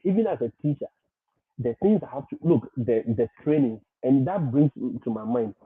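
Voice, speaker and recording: A man hosting a livestream, talking emphatically and circling back over his points with frequent laughs. His voice sounds a little husky, and the audio is thin and phone-like, in a dry room with no echo. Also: mid-range voice, animated, moderate pace. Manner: emphatic, repetitive, laughs often. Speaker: livestream host. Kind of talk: livestream advice talk.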